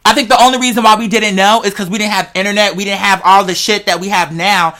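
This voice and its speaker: A podcast host with a bright, forceful, slightly tense voice rambles through speculative theories in casual chat. The talk is slangy and profane, animated, and speaks straight to the listeners. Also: mid-range voice, fast talker.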